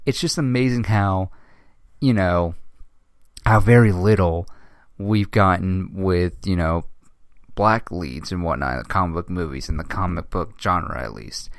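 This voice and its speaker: A young man hosting a casual commentary, speaking with emotion, halting often with restarts and swearing. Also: low voice, no room sound, clean studio sound. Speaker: host.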